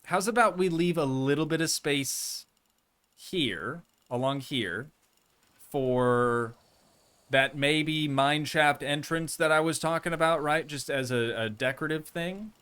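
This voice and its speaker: Streaming a park-building game, a man speaks at a measured pace in a medium-pitched voice that is clean and fairly bright. He rambles through casual, playful asides to his viewers, faint music audible behind him.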